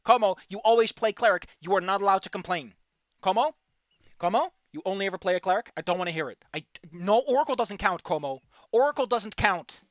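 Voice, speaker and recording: A fast-talking streamer with a mid-range voice and no room sound plays a game while chatting and making self-deprecating jokes, faint music behind. English isn't their native language, and they alternate between loud outbursts and mumbling.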